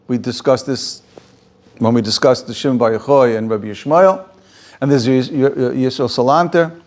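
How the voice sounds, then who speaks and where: A man's voice: medium pitch, a little mellow. A man, a rabbi, giving an informal Torah class, often restarting phrases and repeating himself. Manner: repeats himself, restarts, chuckles, acts out quotes.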